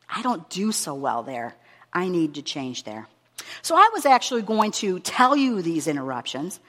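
A woman preacher giving a sermon with a long scripture reading, earnest and measured, stressing her words as she reads aloud. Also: medium pitch. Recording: long reverb of a hall.

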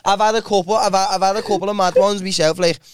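A man's voice: high-pitched, fast, slight background noise. A man in his twenties with a Liverpool accent, telling rambling stories and acting out voices in a casual podcast chat. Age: 20s. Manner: rambling, animated storyteller, acts out voices, laughs often. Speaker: podcast host.

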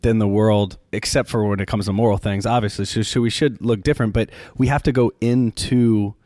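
Animated priest, dry podcast sound. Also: male voice, brisk, no room sound. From Louisiana. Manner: animated storyteller, jumps pitch for quoted voices. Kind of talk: casual interview conversation.

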